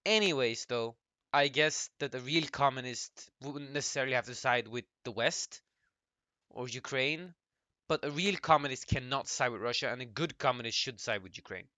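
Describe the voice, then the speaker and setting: A man's voice: medium pitch, normal speed, bright, forceful tone, no room sound. A man giving casual reaction commentary, cutting in with blunt, dismissive rebuttals. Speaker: YouTube commentator reacting to a clip.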